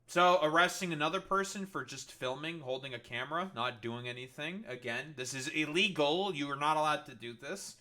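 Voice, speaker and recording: A man with a rather high, pushed, bright voice rants fairly quickly over a news video, barely pausing, with slight background noise behind him. His stream commentary is heavily profane, sarcastic, and scornful, full of fillers and restarts.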